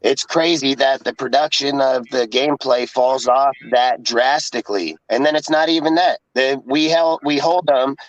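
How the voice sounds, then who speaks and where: A podcast co-host rants profanely and in exasperation about a football game during casual sports talk. His mid-range voice has fairly even intonation, moves at normal speed with hardly any pauses, and the recording is dry, dull, and lo-fi.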